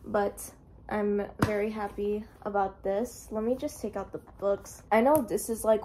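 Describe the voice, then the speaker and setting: A woman's voice: on the high side, darkish tone, a little hiss or hum. A young woman vlogging casually about her reading, rambling and emotional, laughing often. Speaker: book vlogger. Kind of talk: casual chat.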